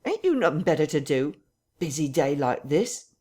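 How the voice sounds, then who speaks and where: A man's voice: fairly high pitch, very animated, normal speed, a little mellow, slightly rough. A man reading an audiobook, voicing a stubborn, scolding innkeeper's wife with rustic speech.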